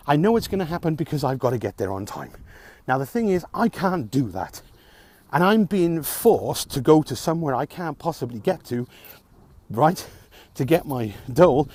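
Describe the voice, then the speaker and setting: A man's voice: mid-range voice, darkish tone, no room sound. A man talking alone to camera in a frustrated, sarcastic rant, swearing often. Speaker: vlogger. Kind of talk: ranting vlog monologue.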